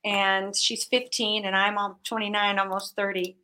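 A woman in her forties, a guest and business owner, telling her story in an animated, faith-filled way and acting out voices as she goes. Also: mid-range voice, moderate pace. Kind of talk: conversational interview storytelling.

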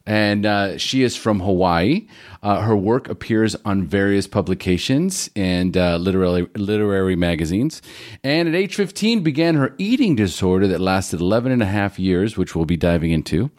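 A man's voice: lowish voice, lively intonation, moderate pace, a little mellow. Chatty male podcast host. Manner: chatty, loose, lots of fillers, jokey. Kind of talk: casual conversational interview.

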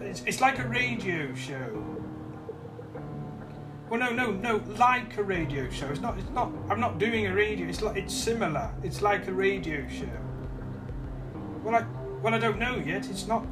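A man hosting a comic podcast, talking in a deadpan, mock-serious way and getting flustered when interrupted, recorded on a phone microphone. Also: high-pitched. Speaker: podcast host. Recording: music bed underneath.

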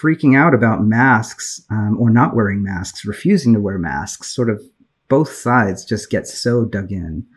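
An American man who is a guest on a podcast, speaking in a measured, reflective way with lots of ums. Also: lowish voice, lively intonation, slightly rough, rough recording. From United States. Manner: measured, reflective, with many fillers. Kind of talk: casual conversational discussion.

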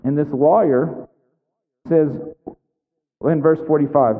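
Male preacher with a fairly high voice, chatty sermon full of "right?" asides, phone-like audio with long hall reverb. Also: brisk, long pauses.

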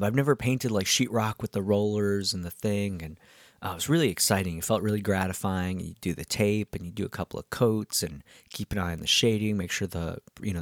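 A man's voice: lowish voice, dry recording, studio quality. A man who hosts a podcast, telling stories from his week in a rambling casual way, with many ums and restarts. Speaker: podcast host and musician. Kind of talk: casual storytelling monologue.

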